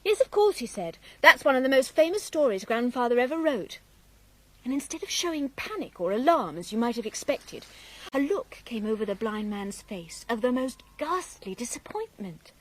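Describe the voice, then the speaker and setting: A woman's voice: fairly high pitch, very animated, moderate pace, low-quality recording. An actress playing a playful, teasing young woman from an old family in a radio drama, telling a yarn. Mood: storytelling. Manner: teasing, lilting, storytelling. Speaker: Miss Raven.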